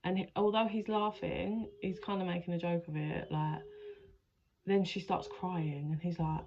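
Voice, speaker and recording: A woman's voice: fairly low pitch, takes it slowly, darkish tone, lo-fi sound, slight background noise. A woman giving a channeled tarot reading in a rambling, emotional way, swearing freely as she narrates. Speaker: spiritual adviser, tarot reader.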